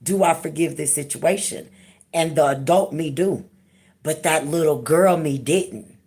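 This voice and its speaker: A woman's voice: low voice, measured pace, a little mellow, breathy edge. A woman hosting her own channel, talking frankly and emphatically in a candid personal vlog, casual and sometimes profane. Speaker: channel host.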